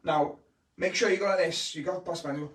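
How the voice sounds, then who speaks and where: A man's voice: on the high side, steady tone, fairly quick. A man, a children's entertainer, teaching kids magic tricks in a bouncy, teasing live stream, filmed on a camera held by his wife. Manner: bouncy, exaggerated, playfully teasing the young audience. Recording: echoey room, voice from the camera's distance.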